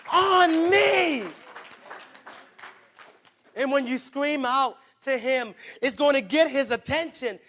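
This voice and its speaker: High, bright-voiced male preacher. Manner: rhythmic preaching, repeats phrases and builds from soft to shouting; calls on the congregation directly. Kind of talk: sermon.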